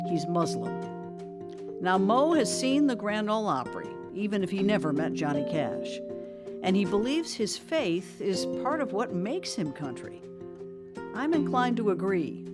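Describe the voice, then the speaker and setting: A woman hosting a radio talk show, introducing and interviewing a guest with measured, friendly questions. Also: on the low side. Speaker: radio host.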